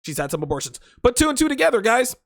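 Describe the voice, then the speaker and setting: A man delivering a crude, profane dating advice monologue on his own stream. His voice sits high and swings widely in pitch as he rambles and hammers points through repetition. The sound is dry and close, with no room around it. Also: sing-song, very fast, vocal fry, no echo. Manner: emphatic, repeats himself. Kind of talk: solo livestream monologue.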